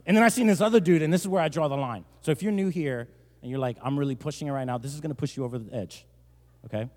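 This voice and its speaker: A male pastor from New Jersey preaching a sermon, telling a joking story and rising to loud, emphatic bursts. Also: a little high, racing. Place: large church hall. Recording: long church-hall reverb.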